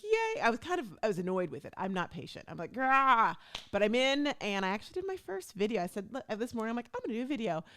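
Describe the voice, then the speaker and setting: A woman hosting her own podcast, talking casually and chattily, acting out what people said to her. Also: medium pitch. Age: adult stepmom. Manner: chatty, animated, acts out quoted talk. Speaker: podcast host. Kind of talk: casual solo talk.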